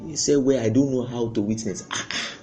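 A man preaching a sermon with fervour, swinging between loud outbursts and hushed asides. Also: mid-range voice, a little fast. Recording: echoey room.

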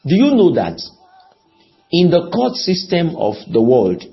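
A man's voice: wildly swooping pitch, a little slow, vocal fry, muffled recording, faint music behind. A man preaching a sermon, pleading with his listeners and often asking them questions. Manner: pleading, rises on key words then drops low; repeats and asks the audience questions.

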